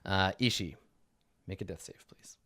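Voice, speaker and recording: A man running a tabletop game as game master, narrating in a casual, animated way with many fillers. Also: deep voice, normal speed.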